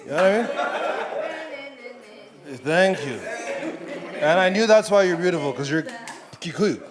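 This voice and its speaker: A man's voice: a little high, expressive, moderate pace. A man doing a stand-up set with brash, profane crowd work. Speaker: stand-up comedian.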